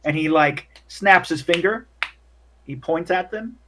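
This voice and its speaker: A man's voice: on the high side, a little slow, a bit bright, a little hiss or hum. A man narrating as game master in a casual, rambling way with many fillers.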